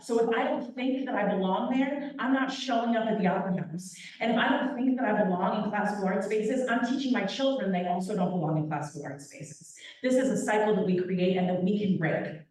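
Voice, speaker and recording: Animated woman speaking in an echoey hall. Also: medium pitch, brisk, hardly any pauses. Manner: animated, playful and direct with the crowd. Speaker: guest speaker, opera company vice president. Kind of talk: lively public talk to an audience. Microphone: handheld microphone. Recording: very echoey hall, picked up from a distance.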